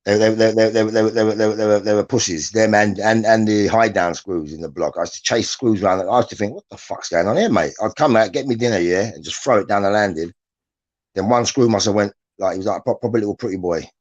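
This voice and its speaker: A man's voice: lowish voice, fast talker, highs cut off. A man, telling prison stories in casual chat, rambling and restarting, often tagging lines with "yeah?". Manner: rambling, repeats words, restarts, "yeah?" tags. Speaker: guest, former prisoner.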